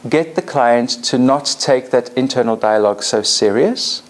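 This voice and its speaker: A woman trainer leading a live coaching demonstration in front of an audience, animated and directive. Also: rumbling low, moderate pace.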